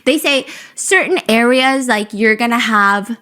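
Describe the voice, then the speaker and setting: A woman with a fairly high voice tells a story with lively, joking energy. She is casual and expressive and leans into the comedy. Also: a little slow. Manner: animated, expressive, jokey. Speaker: storyteller in a played clip.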